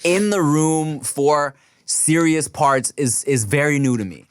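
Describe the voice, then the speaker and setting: A man chatting casually as a podcast guest, relaxed and slangy. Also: on the high side, takes it slowly, clean tone, dry recording, clean studio sound. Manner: relaxed, slangy, many fillers. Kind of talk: casual chat.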